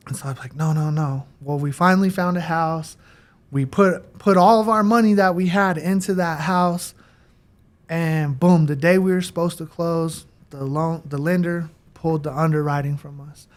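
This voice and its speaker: A man telling his life story in a casual interview, slangy and animated, with many fillers. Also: a little high, normal speed. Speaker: guest.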